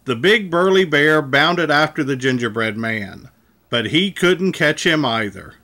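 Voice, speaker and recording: A man narrating a children's storybook aloud with a measured, clear reading. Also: fairly high pitch, expressive, bright, forceful tone.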